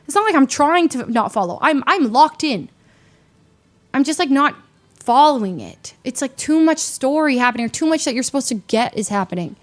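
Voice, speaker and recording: Rambling, animated woman streamer chatting. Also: sits high, moderate pace. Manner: rambling, animated and self-deprecating, with frequent restarts. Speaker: livestreamer. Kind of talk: casual chat with stream viewers.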